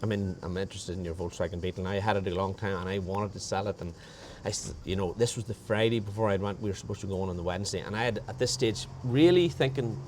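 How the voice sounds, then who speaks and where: A man's voice: low voice, quick pace, hardly any pauses, darkish tone, a little hiss or hum. A man telling a personal story in a rambling, conversational way, often restarting his sentences. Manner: rambling, with frequent restarts and reported dialogue. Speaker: guest sharing a faith testimony.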